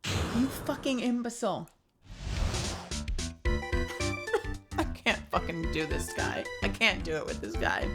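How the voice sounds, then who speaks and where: A woman's voice: mid-range voice, huge pitch swings, takes it slowly, gravelly, long pauses, over loud music. A woman streamer chatting casually between game lines, muttering and swearing. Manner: muttering asides, swears a lot. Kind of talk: casual live-stream chat.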